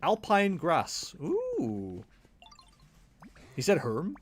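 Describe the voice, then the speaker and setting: A man's voice: mid-range voice, big pitch swings, normal speed, long pauses, faint music behind. A young man chatting casually as he streams a game, rambling and poking fun at himself. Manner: chatty, rambling, self-mocking. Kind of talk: casual gameplay livestream commentary.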